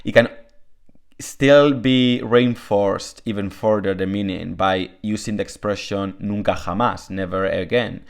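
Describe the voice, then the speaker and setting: Deep-voiced man teaching casually. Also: fairly even intonation, measured pace, creaky, clear, resonant tone. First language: Spanish. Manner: chatty, many fillers, switches between Spanish and English. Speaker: Spanish teacher. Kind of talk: casual explanatory lesson.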